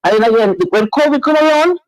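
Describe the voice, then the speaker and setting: Woman, caller, halting, repeats phrases, earnest, dry sound. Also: sits high, animated, a little mellow, no echo, low-quality recording. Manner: emotional, earnest. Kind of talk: phone-in chat.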